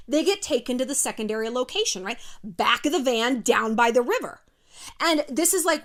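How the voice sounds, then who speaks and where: Female host, casual advice to camera, sardonic and animated, bright lively pitch. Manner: animated, sardonic, swears freely. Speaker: video host.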